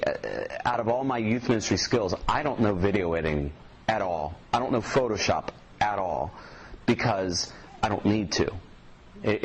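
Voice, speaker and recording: A man's voice: lowish voice, a little hiss or hum, poor audio. A man giving a casual youth ministry workshop talk to a small group, plainspoken and conversational, asking the room questions.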